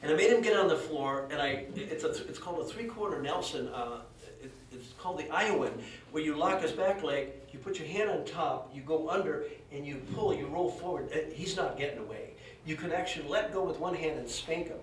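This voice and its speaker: A man's voice: a little high, lively intonation, brisk. A man giving an anecdotal eulogy at a memorial service, telling stories with chuckles and acting out quotes. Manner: chuckling storyteller, acts out quotes. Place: dojo hall at a memorial. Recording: roomy echo from far off, faint hiss.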